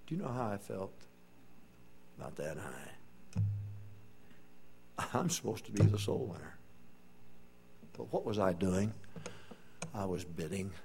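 A preacher with a fairly low voice delivers a sermon as earnest, folksy storytelling. He often drops to a hushed tone as he tells his story. His plain, direct delivery stays close to the congregation. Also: lively intonation, unhurried, creaky, pauses often, a little hiss or hum. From East Texas. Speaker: pastor.

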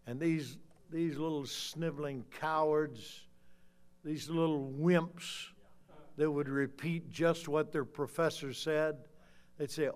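An older man preaching a fiery sermon, swinging from low muttering to loud shouts. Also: unhurried. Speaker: pastor.

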